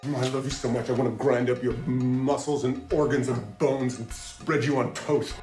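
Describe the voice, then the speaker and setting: A man playing a crude, boastful male crocodile gangster with lively outbursts in a storybook parody. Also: mid-range voice, normal speed, soft background music, close to an everyday voice. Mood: smug.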